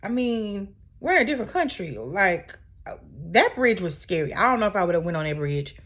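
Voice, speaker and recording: A woman's voice: mid-range voice, very animated, brisk, fairly bright tone. A woman casually recapping a reality TV episode in a chatty, sassy way, full of asides.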